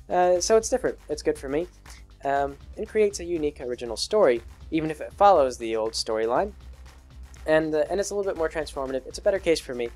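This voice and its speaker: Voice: medium pitch, animated, fast talker, darkish tone, soft background music. A video creator answering patron questions in a casual, rambling monologue full of fillers and restarts. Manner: acts out quoted people in a raised voice.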